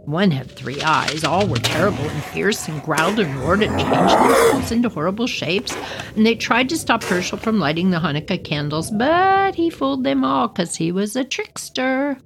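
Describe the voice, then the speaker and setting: A woman's voice: medium pitch, expressive, normal speed, heavy background noise. A woman reading a story aloud on her podcast with playful, chatty asides.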